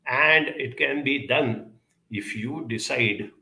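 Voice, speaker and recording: Brief: male counsellor with a gravelly, bright voice, earnest and advisory, some hesitations, echoey room. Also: mid-range voice, takes it slowly. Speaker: counsellor giving a talk. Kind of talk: talk answering audience questions.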